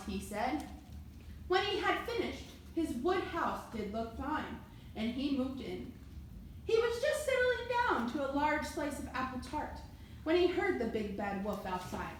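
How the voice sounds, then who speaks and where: A woman's voice: sits high, measured pace, reverberant, slight background noise, low-quality recording. Woman reading a fairy tale aloud. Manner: expressive, lively reading. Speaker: library staff reader. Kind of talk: storybook read-aloud.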